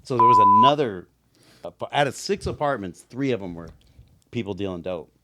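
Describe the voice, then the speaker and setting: Male podcast co-host, low lively voice, wandering profane story. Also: fairly quick. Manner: meandering, profane, expressive storyteller. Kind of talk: casual storytelling.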